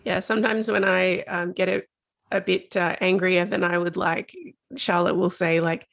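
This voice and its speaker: A woman's voice: on the low side, level tone, normal speed, vocal fry, fairly bright tone. A woman hosting a podcast, chatting casually and laughing easily. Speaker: podcast host. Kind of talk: casual interview chat.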